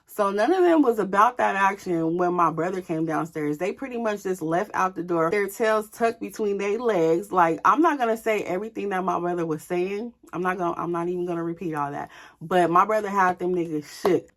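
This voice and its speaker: A woman's voice: fairly low pitch, fairly quick. Candid young woman telling a story. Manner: animated, candid, profane, addresses the viewers directly. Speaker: vlogger. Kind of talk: casual storytime.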